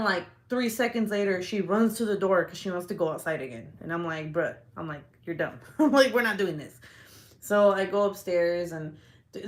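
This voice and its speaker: A young woman telling a story in casual livestream chat, animated and profane, laughing often and acting out her own reactions. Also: medium pitch.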